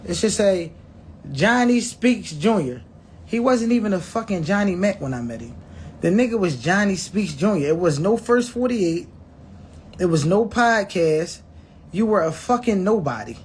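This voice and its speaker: Speaking at normal speed in a high, expressive voice with a darkish tone, this man recounts something that happened to him, swearing bluntly and voicing what others said. He frequently restarts and repeats words, and there's slight background noise.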